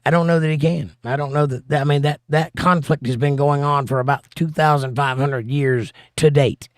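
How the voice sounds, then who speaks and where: A man's voice: fairly high pitch, fairly even intonation, normal speed, no echo, studio quality. A man hosting a casual livestream, reading out viewer comments and answering them in an offhand way. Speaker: show host.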